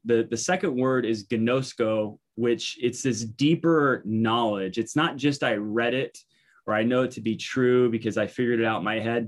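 Casual, rambling male Bible teacher. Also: medium pitch. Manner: informal, thinking aloud, frequent fillers and restarts.

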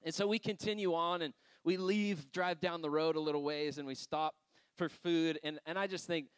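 A man's voice: a little high, normal speed, clear, resonant tone, no echo. A man preaching a sermon, telling personal stories in a loose conversational way with frequent laughs and asides. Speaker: pastor.

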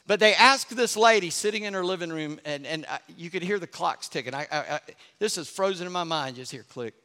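A man from Charleston preaching a sermon as pastor, telling stories with animated energy and dropping to a hush for effect. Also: high voice, brisk. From Charleston, South Carolina. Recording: long hall reverb.

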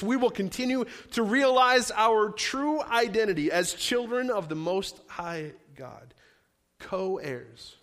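A man preaching a sermon as pastor, stacking repeated phrases with strong emphasis. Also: high voice. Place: church sanctuary. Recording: long hall reverb.

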